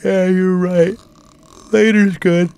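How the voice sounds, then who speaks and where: An actor playing a nervous, tipsy young priest who rambles in a flustered way. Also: male voice, high voice, little pitch movement, slow pace, vocal fry, darkish tone, clean tone, heavily acted. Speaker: Father Montgomery, a priest.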